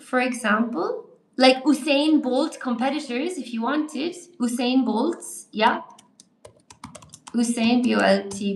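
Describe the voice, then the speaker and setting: A woman's voice: sits high, roomy sound. An Irish woman teaching English on a live stream, chatting through viewer comments aloud and answering them. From Ireland.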